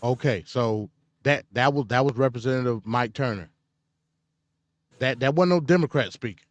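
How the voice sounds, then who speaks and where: A man's voice: medium pitch, normal speed, dry recording. Male host, casual political commentary, blunt and opinionated, dry close sound.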